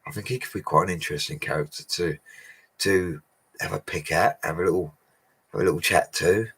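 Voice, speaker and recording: A man's voice: sits low, a little fast, a bit bright, slightly rough. A man, a bricklayer casually answering live chat questions in a matey, chatty way and laughing often. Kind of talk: casual livestream Q&A.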